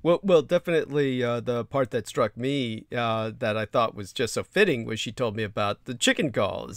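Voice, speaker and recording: Gravelly, bright-voiced male livestream host. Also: medium pitch, no room sound, studio quality. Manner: joking, laughs often. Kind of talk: casual chat.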